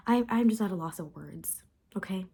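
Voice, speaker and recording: A woman's voice: mid-range voice, gravelly, a little mellow, breathy edge. A young woman talking candidly and upset in a confessional vlog, rambling and repeating herself. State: upset and frustrated. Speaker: vlogger.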